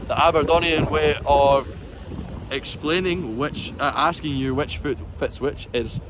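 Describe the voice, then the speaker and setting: A man in the middle range of pitch talks to camera outdoors, opinionated and rambling, with a self-mocking laugh in his manner. Faint traffic hums behind him in the street. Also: unhurried, pauses often. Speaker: bagpiper vlogger. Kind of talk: casual opinionated talk to camera.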